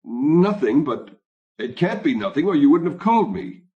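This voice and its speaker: A man's voice: on the high side, sing-song, normal speed, lo-fi sound, pitched above the performer's own voice. A man reading an audiobook, voicing a suspicious psychiatrist wife who asks pointed questions. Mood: probing.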